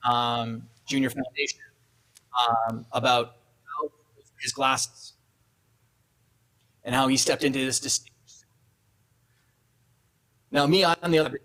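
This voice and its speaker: A middle-aged man addresses an awards event with a motivational speech. He tells his stories with energy, acts out the dialogue, and drops into soft asides. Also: mid-range voice, low-quality recording. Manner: animated storyteller acting out dialogue. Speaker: keynote speaker. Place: event hall.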